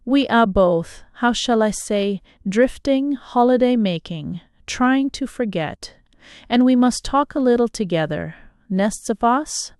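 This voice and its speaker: A woman's voice: on the high side, animated, a little mellow, smooth, dry recording, clean studio sound. A woman voicing a lingering, seductive lady. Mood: teasing. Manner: slow, lingering, playfully seductive. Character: alluring, teasing foreign lady, mature.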